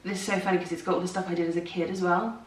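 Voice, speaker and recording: A woman's voice: lowish voice, flat delivery, rapid-fire, far from the mic, a little hiss or hum. A woman performer chatting casually about her acting work, self-deprecating and talkative. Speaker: co-host, musical theatre performer. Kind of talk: casual morning chat. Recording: roomy, from off-mic.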